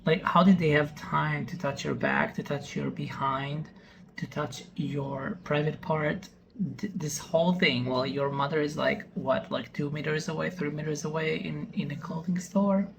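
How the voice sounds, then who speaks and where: A reaction host thinks aloud and sounds skeptical and incredulous. The commentary runs over a clearly noisy background. The pitch sits in a middle range. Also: steady tone, normal speed.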